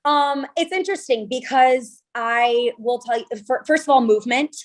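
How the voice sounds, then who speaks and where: A woman in her thirties from California, a venue owner telling stories in an interview, chatty and animated with lots of quoted dialogue. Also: sits high, moderate pace. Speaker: venue owner and wedding designer. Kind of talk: interview conversation.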